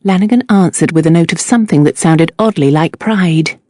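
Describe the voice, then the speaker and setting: Woman audiobook narrator, lowish voice, measured reading, very dry close recording. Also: darkish tone, dry recording. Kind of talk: scripted narration.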